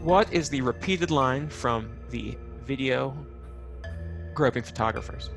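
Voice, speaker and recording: Gravelly quiz host, man. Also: mid-range voice, a little slow, over music. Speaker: game show host. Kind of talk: quiz questions on a live web show.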